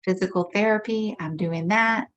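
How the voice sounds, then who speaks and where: A woman leading a tapping session, speaking slow repeated affirmations about her frustration. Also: medium pitch, a little hiss or hum. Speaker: EFT tapping practitioner. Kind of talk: guided tapping script, slow repeated phrases.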